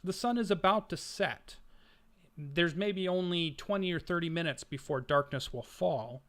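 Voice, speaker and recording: Bright-voiced man narrating as game master. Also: a little high, normal speed. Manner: descriptive, cinematic scene-setting with fillers.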